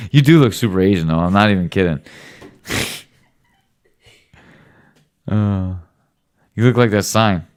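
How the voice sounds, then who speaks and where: Low-voiced teasing father chatting. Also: animated, takes it slowly, pauses often, a little mellow. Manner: teasing, joking, affectionate. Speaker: father hosting a home podcast with his son. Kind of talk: casual late-night chat. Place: at home.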